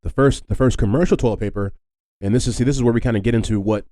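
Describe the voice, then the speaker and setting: A man's voice: medium pitch, very fast, mellow, dry recording, poor audio. A man hosting a casual solo podcast, rambling with lots of fillers and wry joking asides. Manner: rambling and filler-heavy, often adds "if you will". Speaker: podcast host.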